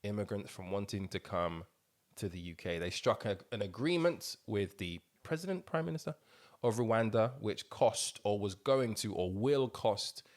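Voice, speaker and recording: Man, low voice, loose slangy banter. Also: lively intonation, normal speed. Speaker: podcast co-host. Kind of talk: casual chat.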